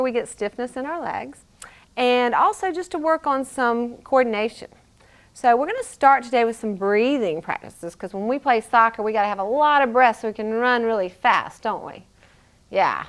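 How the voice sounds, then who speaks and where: A woman's voice: on the high side, fairly bright tone. A woman yoga teacher and physical therapist guiding a child through a yoga class, encouraging and playful, with animal sounds.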